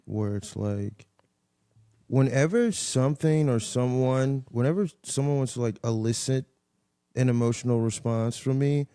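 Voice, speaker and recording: A man's voice: medium pitch, a little slow, mellow, smooth, dry recording, clean studio sound. A man, a comedian guest on a podcast, chatting casually and telling stories in a loose, profane, rambling way.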